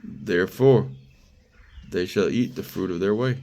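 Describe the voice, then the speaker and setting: A man's voice: on the low side, measured pace, mellow, slight background noise. Man preaching in a casual, repetitive way. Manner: conversational, repeats phrases for emphasis, laughs. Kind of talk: casual sermon.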